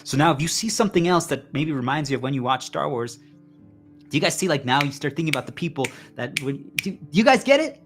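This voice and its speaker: A man's voice: a little high, animated, fairly quick, fairly bright tone, faint music behind. A man livestreaming a rambling, intense personal monologue, full of repeated fillers. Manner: intense, repetitive, heavy use of "like".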